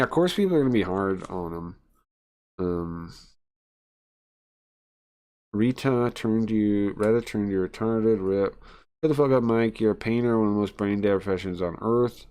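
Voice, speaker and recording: A man's voice: on the low side, darkish tone. A male live streamer giving blunt, crude, rambling reaction commentary full of fillers.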